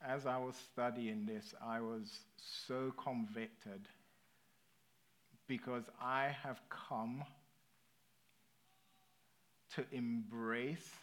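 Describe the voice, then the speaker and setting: A man's voice: medium pitch, fairly even intonation, slow, fairly bright tone. A British man preaching a sermon in a conversational way, often checking in with his listeners. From Britain. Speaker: pastor.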